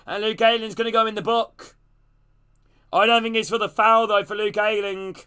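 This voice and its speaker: A man streaming a live football watch-along, calling the play and greeting his chat in a casual, excitable way. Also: high-pitched, moderate pace, clear, resonant tone. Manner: casual, greets chat between plays, gets loud and excited on attacks.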